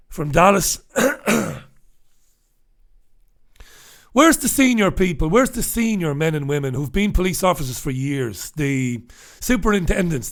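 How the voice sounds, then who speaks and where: A man delivering heated solo commentary on the news, ranting and swearing, often breaking into shouts. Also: a little high. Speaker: commentator reviewing newspapers.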